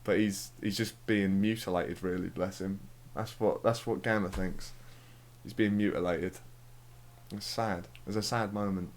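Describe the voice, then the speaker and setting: Rambling lad telling a story. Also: male voice, sits low, fairly even intonation, a little slow. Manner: rambling storyteller, swears a lot, laughs. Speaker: let's play commentator. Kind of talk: casual chat over gameplay.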